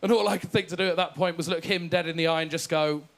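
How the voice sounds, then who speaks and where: A young man from England with a high voice does a stand-up set, a self-mocking storyteller with a posh way of speaking who acts out every quote. Loud audience laughter and clicks fill the recording. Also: steady tone, fast talker, heavy background noise. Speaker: stand-up comedian.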